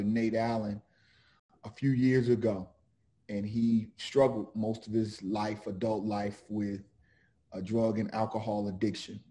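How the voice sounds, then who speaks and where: A middle-aged man, an author and defense lawyer, speaking slowly and earnestly with many pauses, partly reading his own book aloud. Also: lowish voice, dark tone. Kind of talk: reflective talk with read-aloud book passage.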